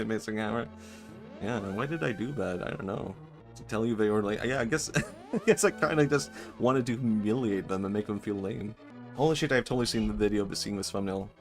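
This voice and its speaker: Male streamer, lowish voice, rambling giggly banter, faint game music under. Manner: rambling, giggly, riffing on silly bits. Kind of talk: casual gameplay chat.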